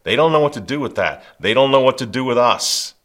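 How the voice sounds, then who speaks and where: A man's voice: mid-range voice, animated, fairly quick, fairly bright tone. Guy ranting on his commentary show, preachy and emphatic, keeps repeating himself. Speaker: commentary host. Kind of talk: fervent political commentary.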